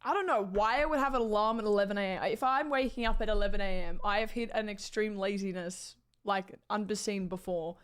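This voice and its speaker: A woman's voice: medium pitch, a little fast, few pauses, clean tone. A woman with an Australian accent chatting casually with her stream viewers, rambling with lots of "like" fillers and restarts. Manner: chatty and rambling, with frequent "like" fillers and self-corrections. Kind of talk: casual chat.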